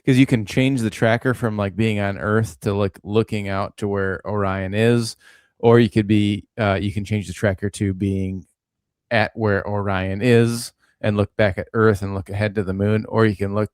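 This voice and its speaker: A man co-hosting a podcast, talking in an excited, rambling way. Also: on the low side, moderate pace, clean tone, no echo, studio quality. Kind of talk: casual podcast chat.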